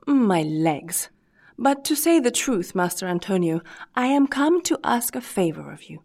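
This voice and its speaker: A woman voicing a lively, quick-tempered little old man, a puppet maker who bursts into rage. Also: medium pitch. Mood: eager.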